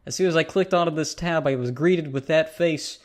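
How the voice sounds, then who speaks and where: A man's voice: a little high, fairly quick. A man giving casual reaction commentary as a YouTuber, sarcastic and exasperated as he rants.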